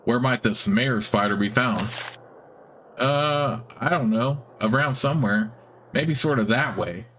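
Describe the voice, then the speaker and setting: A man voicing a simple, friendly giant spider with a squeaky, high-pitched voice, reading game dialogue. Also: unhurried, a bit bright, a little hiss or hum, lightly acted. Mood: chirpy friendly. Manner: naive, chirpy, short simple sentences.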